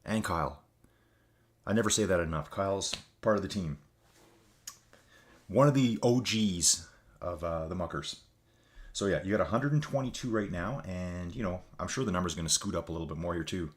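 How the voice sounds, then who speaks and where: A man's voice: sits low, normal speed, long pauses. A tired man hosting a casual live stream, chatting loosely with viewers and calling them folks. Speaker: livestream host. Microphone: desk mic with adjustable gain.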